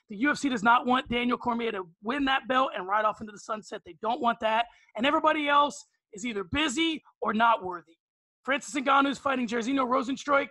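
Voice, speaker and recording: A man's voice: very high voice, sharp tone, no room sound. A man on a podcast panel, brashly roasting a guest with punchy rhetorical questions before arguing his pick.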